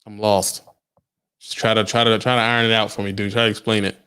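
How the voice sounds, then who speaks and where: A man's voice: lowish voice, level tone, fast talker, pushed and bright, clean tone. Emphatic young man chatting to viewers. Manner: emphatic, rhetorical questions to his audience. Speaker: truck driver and livestream host. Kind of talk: casual livestream chat with viewers.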